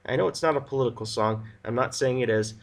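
A man's voice: medium pitch, fast. A man giving a blunt, sarcastic solo review, stretching out words for effect.

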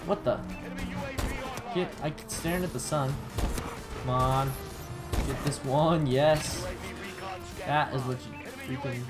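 A man giving chatty, excitable commentary on his own gameplay, with bursts of surprise and self-mocking asides. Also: mid-range voice, slow, pauses often. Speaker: gaming YouTuber. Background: background music.

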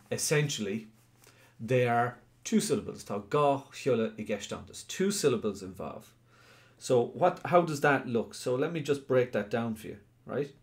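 An Irish man leads a live online lesson, breaking the rules down step by step. His voice sits at a middling pitch, and he often stops to ask his students questions and to answer theirs by name. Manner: explains step by step, asks the class questions. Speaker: Irish language teacher.

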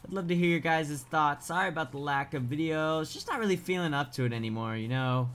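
A man giving let's play commentary as a gaming YouTuber, excitable and swearing, often yelling in surprise. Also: a little high, fairly quick, slight background noise. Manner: excitable, swearing, frequent startled outbursts.

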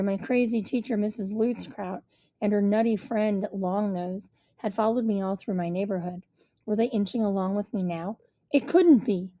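A woman reading a first-person children's storybook aloud in a measured storytelling manner. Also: medium pitch, warm tone, no room sound. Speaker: audiobook reader.

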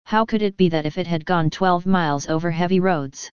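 A woman voicing a calm, assured male detective who speaks quietly and measured. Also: on the low side, clear, resonant tone, dry recording, lo-fi sound, natural voice.

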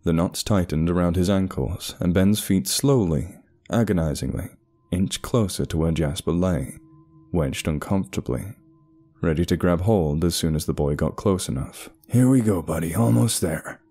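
Low, dark-voiced male horror narrator. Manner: measured, ominous storytelling. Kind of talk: scripted narration. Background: faint music.

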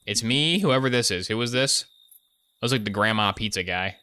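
A man's voice: lowish voice, expressive, moderate pace, sharp tone, clean tone, no echo. A young man commenting on his gameplay live, joking and muttering asides into a desk microphone. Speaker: gaming streamer.

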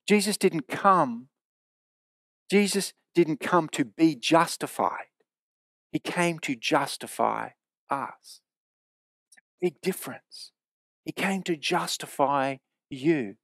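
A man preaching a sermon in a church, earnest and emphatic, slowing down to repeat key phrases. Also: on the high side, expressive, vocal fry, fairly bright tone, no echo, studio quality.

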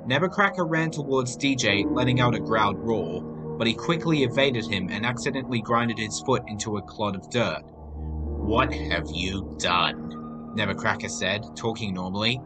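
A man's voice: medium pitch, a little fast. A man narrating a homemade horror story aloud. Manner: reading aloud, animated. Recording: faint music behind voice.

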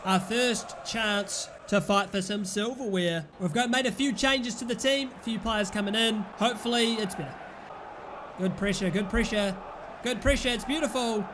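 A young British man giving live commentary over a football video game, exasperated and often yelling at his players and the referee. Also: very high-pitched, moderate pace, slight background noise. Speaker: gaming YouTuber.

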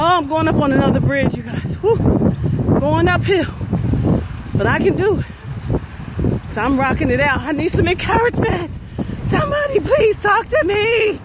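A woman hosting a live walking vlog, talking while she walks briskly through a lakeside garden, cheering herself and her viewers on. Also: high voice. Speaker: wellness facilitator hosting a walking livestream. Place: outdoors in a lakeside garden with traffic nearby. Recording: outdoor phone audio with traffic noise.

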